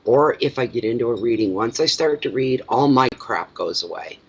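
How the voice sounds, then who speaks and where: A man's voice: medium pitch, expressive, moderate pace. A man with a stuffy nose, rambling to himself while he gets ready for a casual card reading. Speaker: card reader. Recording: lo-fi with clear background noise.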